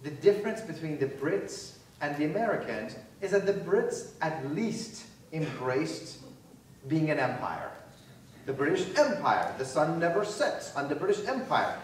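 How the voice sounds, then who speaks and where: Animated male speaker in an echoey hall. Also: on the high side, unhurried. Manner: animated, sarcastic humor with rising emphasis. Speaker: keynote speaker. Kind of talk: university lecture and Q&A answers. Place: large lecture hall. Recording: echoey hall, distant mic, faint noise.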